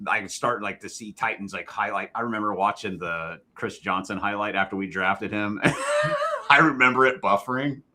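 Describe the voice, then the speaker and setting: A podcast co-host from Ohio talks in a low voice with a bright, forceful edge. He chats in a laid-back way and chuckles now and then as he recalls things. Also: huge pitch swings, normal speed. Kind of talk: casual chat.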